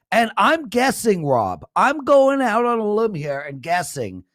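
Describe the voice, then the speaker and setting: A man co-hosting a sports betting show, chatty and reading viewer comments aloud. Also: sits high. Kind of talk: casual show banter.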